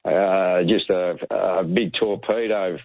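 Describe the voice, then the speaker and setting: A man's voice: deep voice, fairly even intonation, slow pace, dry recording. An Australian man calling in to a radio show, chatting in a rambling way with lots of fillers. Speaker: caller. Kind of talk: casual radio call-in chat. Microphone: phone. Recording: tinny phone line with hiss.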